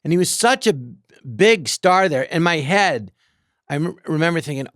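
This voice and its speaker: Animated storytelling man, dry sound. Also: on the high side, no room sound. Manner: animated, slips into quick character voices. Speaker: guest comedian. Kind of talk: live podcast storytelling. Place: theater stage.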